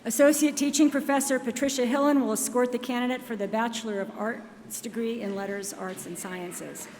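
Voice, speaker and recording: A woman announcing names and degrees at a ceremony in a measured, formal manner. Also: on the high side, fairly even intonation, a little mellow, slight background noise. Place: large ceremony hall. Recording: long hall reverb, faint ambience.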